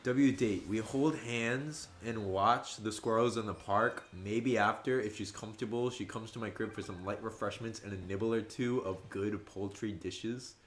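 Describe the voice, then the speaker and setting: A man in his twenties chatting casually on a gaming livestream, telling stories and jumping high and loud when he quotes his friends. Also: steady tone, normal speed, few pauses, a little hiss or hum. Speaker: streamer. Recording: roomy echo.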